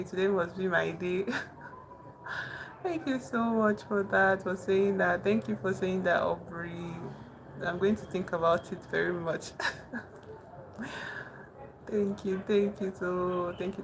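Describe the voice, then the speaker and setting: A young woman chatting casually with her live-stream chat, soft-spoken and calling herself very emotional. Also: fairly low pitch, measured pace, creaky. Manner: soft-spoken, thanks chat warmly, says she is very emotional. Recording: noticeable background noise.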